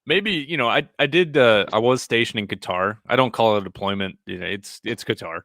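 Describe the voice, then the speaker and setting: A man with a lowish voice hosts a casual podcast chat, cracking jokes and swearing now and then. The sound is dry and close to the mic. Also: fairly quick, a bit bright, dry recording. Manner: casual, joking reactions, swears. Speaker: podcast host.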